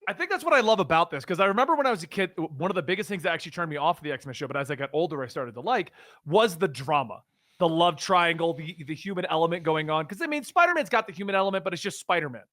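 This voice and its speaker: A young man co-hosting a casual chat show, animated and quick to laugh. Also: fairly high pitch, dry recording, studio quality. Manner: fast, animated, laughs often. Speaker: podcast co-host.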